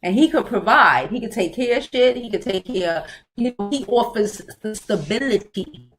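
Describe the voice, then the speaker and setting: A woman's voice: mid-range voice, lively intonation, normal speed, a bit bright, slight background noise. A woman hosting a casual livestream, talking bluntly and profanely and often laughing as she answers viewer comments. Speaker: livestream host.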